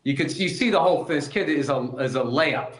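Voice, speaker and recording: A man's voice: a little high, quick pace, reverberant, poor audio. A man co-hosting a comedy podcast, talking in rambling, jokey casual banter. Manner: rambling, animated, jokey with bursts of laughter. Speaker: podcast co-host.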